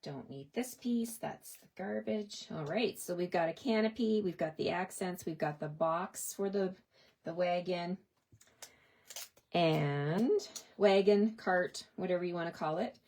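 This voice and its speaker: A woman's voice: fairly low pitch, unhurried, a little mellow. A woman from Canada demonstrating a paper craft in a casual tutorial. She chats with viewers, talks to herself as she works and laughs often. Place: home craft desk.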